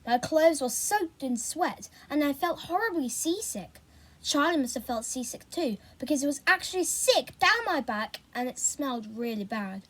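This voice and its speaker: A woman reads a children's novel aloud with expressive, animated delivery. Her voice is high, and her pitch rises and falls a lot. She reads in a steady storytelling style. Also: normal speed. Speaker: reader.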